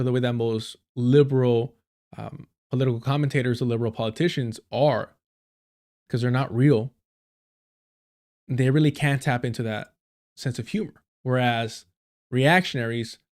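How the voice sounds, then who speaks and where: A male streamer talks through clips in a loose, rambling way. He swears often and leans on fillers, his voice sitting in an ordinary middle pitch. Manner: rambling, profane, many fillers. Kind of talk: casual live-stream commentary.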